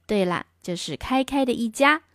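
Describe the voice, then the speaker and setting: A woman reading a picture book aloud in two languages as a storyteller, clear, gentle and expressive. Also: a little high, normal speed, no echo, clean studio sound.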